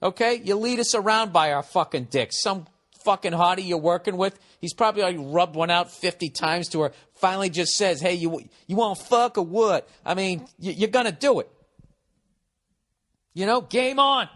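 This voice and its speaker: A man's voice: sits high, moderate pace. A middle-aged man hosting a podcast, giving blunt, profane advice in a rambling casual monologue. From United States. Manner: blunt, animated, swears constantly, rambling asides.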